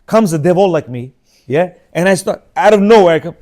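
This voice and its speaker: This man, in his fifties, speaks fairly quickly in a fairly high voice while teaching an informal religious class. Telling stories with animation, he voices the different characters and throws rhetorical questions at the group.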